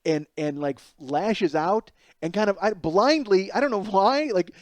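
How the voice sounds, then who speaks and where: A man in his forties telling a comic story alone as a podcast host, animated and self-mocking, with plenty of swearing, going from loud outbursts to low mutters. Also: a little slow, no room sound. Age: 40s. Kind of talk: solo comedic storytelling.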